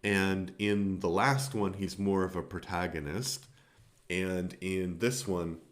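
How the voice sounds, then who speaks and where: A man's voice: low-pitched, steady tone, slow pace. A man hosting a film review podcast, talking casually and rambling, with many fillers and restarts.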